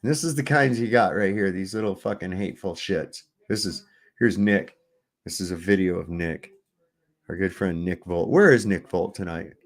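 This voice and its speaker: A man's voice: sits low, moderate pace. A man hosting a casual commentary show, reacting sarcastically to videos with frequent swearing. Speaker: host.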